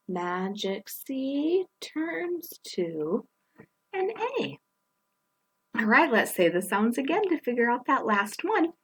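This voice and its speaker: A woman teaching young children phonics, gently sounding out letters and words and encouraging them as she works through a worksheet. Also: a little high, breathy edge. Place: indoors at a table, camera on her worksheet.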